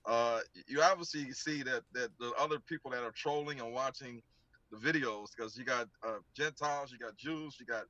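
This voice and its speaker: Man, rambling casual talk, very bright voice, muffled dry recording. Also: medium pitch, a little fast, no room sound. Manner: rambling, repeats himself while talking. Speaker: ministry speaker addressing debate challengers. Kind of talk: casual monologue.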